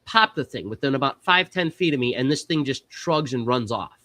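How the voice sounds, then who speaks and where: A man hosting a podcast, telling a story in a casual, animated way and acting out the other people's lines. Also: medium pitch, fairly quick, no room sound. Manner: animated, acts out quoted voices. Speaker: podcast host.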